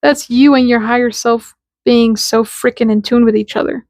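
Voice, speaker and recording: A woman with a somewhat high voice talks casually about spirituality, chatty and full of slang. She keeps slipping into little acted-out exchanges to make her point. The sound is dry and close, with no room echo. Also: fairly even intonation, moderate pace, darkish tone. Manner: chatty and informal, acts out little dialogues in quotes; slangy, with lots of "like" fillers. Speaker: spiritual content creator. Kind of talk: casual spiritual talk to camera.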